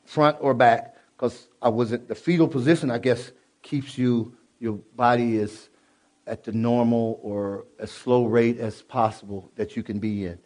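A middle-aged man from Illinois telling his personal testimony to an audience, animated, swinging from loud bursts to low, quiet asides, with many restarts. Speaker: speaker giving a personal testimony. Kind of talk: spoken testimony to a live audience.

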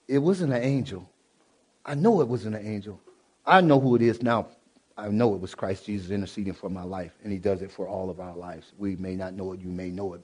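Animated middle-aged man giving testimony. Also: slightly rough. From Illinois, US. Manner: animated, swinging from loud bursts to low, quiet asides, with many restarts. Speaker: speaker giving a personal testimony. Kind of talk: spoken testimony to a live audience.

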